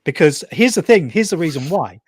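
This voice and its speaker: A man's voice: on the high side, expressive, fairly quick, husky, dry recording. Dry-witted man chatting. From Wales. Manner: dry, bantering, laughs at own jokes. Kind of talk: casual chat.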